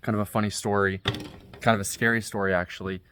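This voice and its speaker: A man's voice: lowish voice, flat delivery, quick pace, a bit bright, a little hiss or hum. A young man casually telling a story from his own life, step by step, in a conversational way. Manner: conversational, recounting events step by step. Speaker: vlogger.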